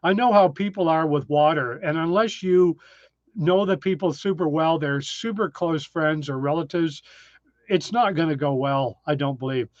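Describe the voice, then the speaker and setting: A man hosting a relaxed live stream, talking through viewer comments with frequent ums and uhs. His voice sits slightly high, and the sound is dry and a little dull, like home stream audio. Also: normal speed, no room sound. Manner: chatty, reads viewer names, frequent ums. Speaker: live-stream host reading chat. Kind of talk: casual live-stream chat. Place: tiny desert cabin, indoors.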